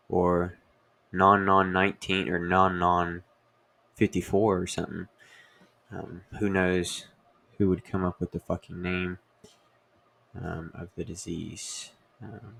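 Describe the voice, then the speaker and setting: Young man, deep voice, vocal fry, rambling comedy host, lots of fillers, self-corrections. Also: a bit bright. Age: young adult. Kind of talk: casual rambling monologue.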